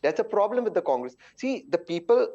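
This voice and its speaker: A man's voice: high voice, big pitch swings, brisk, warm tone. Indignant Indian male panelist, dull feed. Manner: indignant, rhetorical arguing. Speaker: political panelist. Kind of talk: televised political debate.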